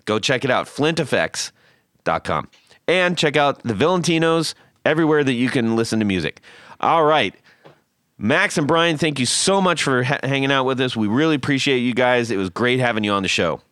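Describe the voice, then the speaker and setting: A man hosting a podcast, chatting casually and telling stories in a jokey, animated way. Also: mid-range voice, normal speed, no room sound. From California. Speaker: podcast host. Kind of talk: casual chat.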